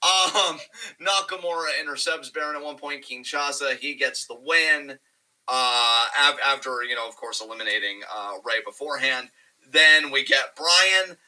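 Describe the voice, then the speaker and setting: A man co-hosting a casual wrestling review podcast, talking in an animated, profane and rambling way. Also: mid-range voice, moderate pace, rough recording. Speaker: podcast co-host.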